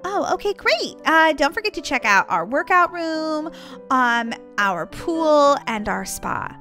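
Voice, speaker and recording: A woman's voice: sits high, sing-song, slow pace, sharp tone, soft background music, heavily acted. A woman voicing a polite, hesitant hotel receptionist in a game roleplay.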